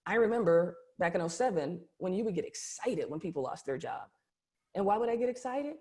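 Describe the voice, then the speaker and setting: A middle-aged American woman speaking on a webinar video call, her voice sitting low with a rough, gravelly grain. She tells her story with energy and emphasis and keeps pulling her listeners in with a quick "right?". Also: expressive, darkish tone. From United States. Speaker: keynote speaker and coach.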